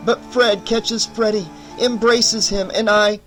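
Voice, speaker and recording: A man narrating a horror audiobook in an expressive, emphatic way, sometimes rising into loud cries. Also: high-pitched, a little slow, few pauses, faint music behind, poor audio. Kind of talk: dramatic audiobook reading.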